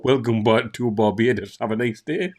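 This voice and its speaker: A man with a Geordie accent voicing a deadpan man in a joke, delivering the punchline flatly. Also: mid-range voice, moderate pace, lightly acted.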